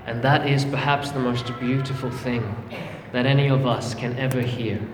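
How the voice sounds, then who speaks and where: A man's voice: mid-range voice, flat delivery, normal speed, noisy background. A man preaching a sermon, earnest and emphatic, calling his listeners friends. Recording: echoey hall with long reverb, faint ambience.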